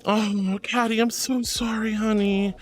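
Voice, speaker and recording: A high-pitched man chats his way through a casual livestream, reading viewer messages aloud and answering each one with gushing affection and plenty of apologies. Faint music plays underneath his voice. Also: little pitch movement, unhurried. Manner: gushing, affectionate, calls viewers sweetie and honey; chatty and apologetic, self-described yapper. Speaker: livestream host reading chat.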